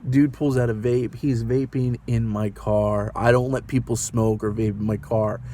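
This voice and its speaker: A man's voice: mid-range voice, fairly even intonation, normal speed, warm tone, slight background noise. A man and rideshare driver telling a story in a casual vlog, rambling and anxious, often asking the viewer what they would do. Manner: rambling, anxious, asks the viewer rhetorical questions.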